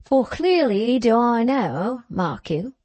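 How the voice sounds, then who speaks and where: A woman voicing a pompous, scheming older man who talks in florid, drawn-out, wheedling phrases. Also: fairly high pitch, sing-song, a little mellow, no echo, heavily acted.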